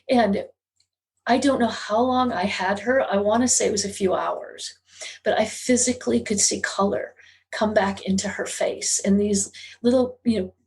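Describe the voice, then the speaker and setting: A woman's voice: a little high, a little mellow. A middle-aged woman, a guest on an interview podcast, telling a personal story in an earnest, confessional way that is at times emotional. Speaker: guest, psychic medium.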